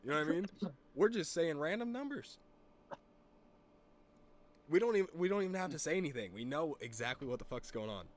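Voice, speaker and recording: A man streaming, telling a story in a rambling, profane, animated way. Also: fairly high pitch, fairly quick, long pauses. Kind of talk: casual storytelling chat.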